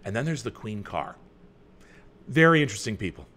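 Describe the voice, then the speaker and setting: Animated Canadian-raised man reading comments. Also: on the low side, brisk. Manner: animated, swinging from loud bursts to quiet asides; chatty, with many fillers and restarts. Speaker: host. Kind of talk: live-stream chat reading viewer comments.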